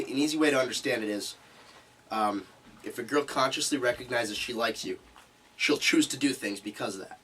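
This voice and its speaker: With slight background noise and a distant mic, a male instructor leads a live group seminar, emphatic and circling back to key points. His medium-pitched voice is a bit bright.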